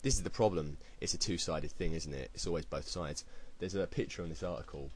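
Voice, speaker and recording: A man's voice: deep voice, brisk, slightly rough, rough recording. A British man delivering a heated, blunt opinion rant to camera, swearing freely. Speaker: video blogger. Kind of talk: ranting opinion commentary.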